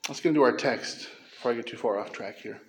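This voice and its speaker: A man preaching a sermon as pastor, impassioned, swinging from quick asides to slow, emphatic declarations. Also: medium pitch, echoey room, a little hiss or hum.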